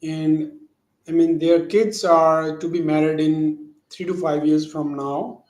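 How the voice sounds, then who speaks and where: A man in his forties asking a halting question on a video call, pausing often. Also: a little high, a little mellow, reverberant, rough recording. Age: 40s. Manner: hesitant, many fillers and restarts. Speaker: audience member asking a question.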